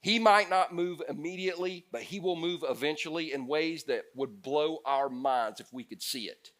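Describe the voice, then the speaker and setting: A male pastor delivers a sermon with a bright, forceful tone and a voice sitting a little high for a man. He preaches in an animated way, swinging from loud exclaiming to quiet, intense passages. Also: normal speed.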